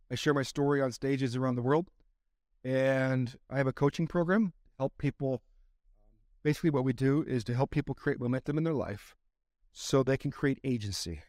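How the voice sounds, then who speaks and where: A man's voice: medium pitch, normal speed, darkish tone, no room sound, studio quality. A man, a former pro athlete, giving a fervent motivational answer in a podcast interview, circling back to the same phrases like a preacher. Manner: impassioned, repetitive, preacher-like delivery. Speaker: podcast guest, former baseball player.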